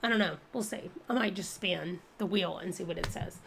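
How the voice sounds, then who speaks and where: A woman's voice: fairly low pitch, a little fast, vocal fry, fairly bright tone, a little hiss or hum. A woman hosting her reading channel, chatting casually and thinking aloud during a readathon livestream. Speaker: book channel host.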